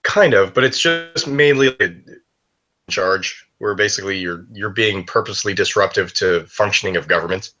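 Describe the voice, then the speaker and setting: A man's voice: on the low side, normal speed, sharp tone. A young man chatting casually, blunt and profane, rambling with lots of "like" fillers. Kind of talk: casual chat.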